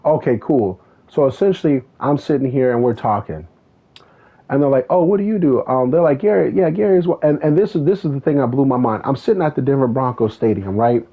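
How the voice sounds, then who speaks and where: A man's voice: medium pitch, brisk, slightly rough. A man streaming a racing game, chatting casually and telling a rambling story with lots of swearing. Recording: tinny phone-like sound.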